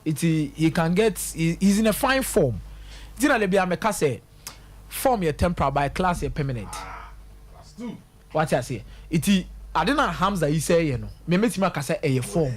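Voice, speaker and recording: A man's voice: fairly high pitch, expressive, moderate pace. A man with a Ghanaian accent, giving passionate sports analysis on a radio talk show and mixing local slang into his English. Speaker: sports pundit.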